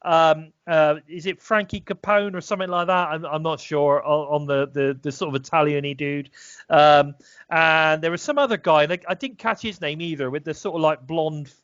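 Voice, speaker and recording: A man's voice: a little high, moderate pace, a bit bright, smooth, dry recording. A British man co-hosting a casual wrestling review podcast, rambling with many fillers and restarts. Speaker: podcast co-host. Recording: dull, slightly lo-fi dry sound.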